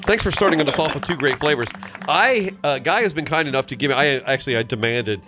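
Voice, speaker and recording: A man's voice: a little high, fast talker, very noisy. A man hosting a morning radio show, joking and exclaiming through beer tasting banter. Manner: lively, jokey, exclaims often.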